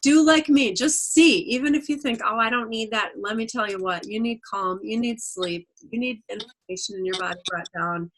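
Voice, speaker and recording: A woman's voice: on the high side, moderate pace, hardly any pauses, a little hiss or hum. A middle-aged woman giving a casual testimonial on a video call, telling stories and acting out what people said. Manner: animated storyteller, acts out quotes. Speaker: product distributor.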